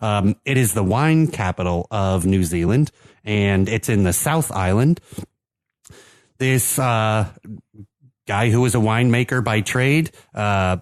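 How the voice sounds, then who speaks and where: A man with an American accent and a lowish voice, talking in a relaxed, rambling way full of fillers. The sound is dry and close, with no room around it. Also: slow, no room sound. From United States. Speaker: podcast co-host presenting the beer. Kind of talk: casual chat.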